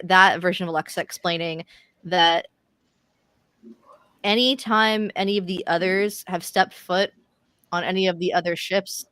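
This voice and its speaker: A woman's voice: on the low side, fairly bright tone, no room sound, clean studio sound. A young woman narrating as game master of a tabletop game, loose and chatty with fillers. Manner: laughs often, thinks aloud with fillers.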